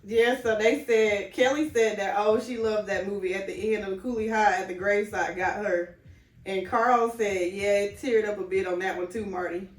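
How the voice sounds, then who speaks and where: A woman's voice: medium pitch, steady tone, moderate pace. Chatty woman co-host, roomy sound. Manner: chatty, reads out others' answers. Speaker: podcast co-host. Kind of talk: casual chat. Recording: roomy, distant mic.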